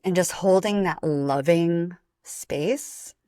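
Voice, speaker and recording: A woman speaking slowly, with a low voice. She is a spiritual coach talking as a podcast guest, gentle and measured. Her voice is recorded dry and close, with no room echo. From Atlanta, USA. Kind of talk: reflective interview talk.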